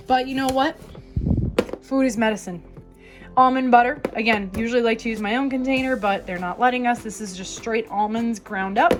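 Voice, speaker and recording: A young woman chiropractor from Minnesota, chatting enthusiastically in her kitchen as she unpacks her groceries. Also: a little high. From Minnesota, USA. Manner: chatty and enthusiastic, drawn-out words. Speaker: chiropractor vlogger. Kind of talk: casual kitchen vlog. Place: home kitchen.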